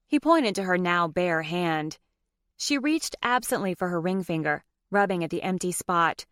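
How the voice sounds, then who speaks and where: A woman reads a romance audiobook in a measured, even storytelling voice at a middle pitch. The recording is close and bone dry, with no room around her. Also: dry recording. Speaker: audiobook narrator. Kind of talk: scripted narration.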